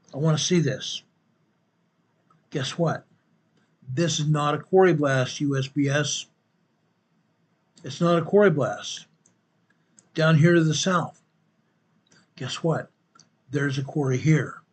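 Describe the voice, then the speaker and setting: A man's voice: medium pitch, breathy edge. A man hosting an online show, talking viewers through a map in casual commentary, stressing his points by repeating phrases and calling the audience folks and guys. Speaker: host.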